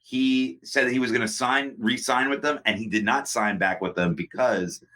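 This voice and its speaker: A man's voice: mid-range voice, normal speed. A man co-hosting a podcast, rambling through casual chat with restarts and frequent laughs. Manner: rambling, animated, laughs often. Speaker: podcast co-host.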